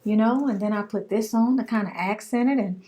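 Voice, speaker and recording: A woman's voice: mid-range voice, fairly quick, dark tone. A woman chatting casually and affectionately to her viewers in a home vlog. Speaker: hair vlogger.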